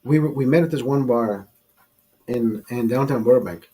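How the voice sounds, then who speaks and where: A man's voice: mid-range voice, moderate pace, mellow, slightly rough. A man hosting a casual drinking livestream, telling a rambling, profane bar story to his viewers. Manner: profane, rambling anecdote teller. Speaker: livestream host.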